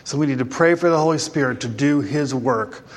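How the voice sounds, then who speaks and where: A man's voice: mid-range voice, fairly quick. A man preaching a sermon as pastor, joking with the congregation and rousing them with calls for amen. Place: church hall. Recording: long hall reverb.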